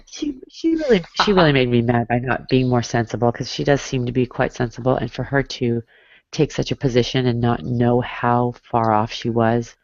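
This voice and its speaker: A man's voice: mid-range voice, lively intonation, normal speed, no echo. A man chatting casually on an online call, hesitant and restarting his sentences often. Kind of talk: casual chat. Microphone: online video call. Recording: dry, muffled online call audio.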